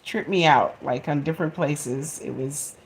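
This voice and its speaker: Chatty woman vlogger with a low voice. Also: unhurried, vocal fry, breathy edge. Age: 40s. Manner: chatty and expressive, laughs at herself. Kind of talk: casual storytelling to camera.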